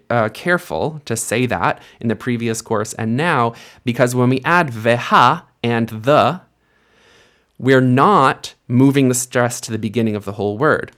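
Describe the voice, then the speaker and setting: A man's voice: medium pitch, a bit bright. A man teaching a recorded grammar lesson, explaining patiently and sounding out example words with careful stress. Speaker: Hebrew teacher.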